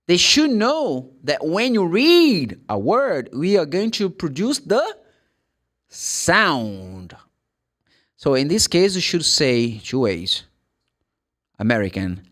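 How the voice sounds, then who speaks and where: A man with a Brazilian Portuguese accent, a native Portuguese speaker, teaching English pronunciation. He draws out each letter sound slowly and acts out the questions students ask him. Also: medium pitch, a bit bright. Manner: drawn-out sound demonstrations, plays student questions. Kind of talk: pronunciation lesson.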